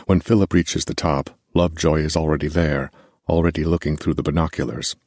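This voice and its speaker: A man narrating a horror audiobook in a measured, steady scripted delivery. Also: rumbling low, no echo, clean studio sound.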